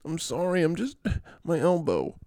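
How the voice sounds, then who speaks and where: A man's voice: fairly high pitch, very animated, normal speed, warm tone, dry recording, clean studio sound, pitched above the performer's own voice. A man voicing a whiny, self-pitying injured football player who whimpers about his aches and pleads for help. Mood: pleading.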